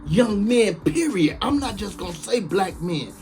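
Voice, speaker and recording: Slow, preachy man. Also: high voice, faint music behind. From Chicago, USA. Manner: emphatic, preachy, sounds like shouting even when calm. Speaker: online commentator. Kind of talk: casual live-stream monologue.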